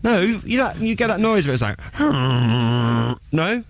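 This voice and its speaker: A man's voice: fairly high pitch, sing-song, slow, noisy background. A man hosting a radio show in a studio, chatting in a jokey, teasing way. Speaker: radio host. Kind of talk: playful radio chat. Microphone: studio microphone.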